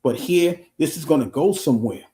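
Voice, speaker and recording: A live streamer talks earnestly on his own stream, his voice a little high, expressive and warm, with a brisk pace and a reverberant sound. It's casual motivational talk, full of restarted sentences and offhand swearing.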